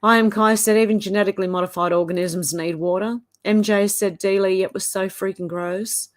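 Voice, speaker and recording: An Australian woman hosting a livestream, reading viewers' chat comments aloud with chatty asides and quick laughs. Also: medium pitch, fairly even intonation. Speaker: livestream host.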